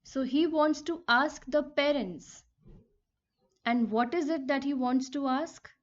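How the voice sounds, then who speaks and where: A woman's voice: high voice, slow pace. A woman teaching a poem, reading lines aloud and explaining them step by step, repeating and rephrasing. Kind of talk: poetry lesson explanation. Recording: dull lo-fi recording.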